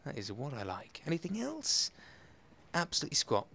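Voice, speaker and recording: A man doing excitable, self-mocking commentary over a video game and talking straight to his viewers. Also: on the high side, normal speed, gravelly, slightly rough. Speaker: gameplay commentator. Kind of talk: let's play commentary.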